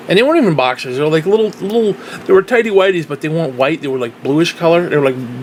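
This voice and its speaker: A man's voice: high-pitched, very animated, quick pace, slight background noise, poor audio. A man rambling through a casual vlog monologue, swearing freely and circling back with lots of fillers and restarts. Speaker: vlogger.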